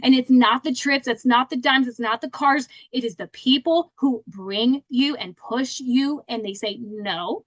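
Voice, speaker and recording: High-voiced chatty woman, dry sound. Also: normal speed, few pauses, dry recording. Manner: chatty, faith-filled, self-deprecating. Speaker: guest speaker, sales director. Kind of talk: casual motivational talk.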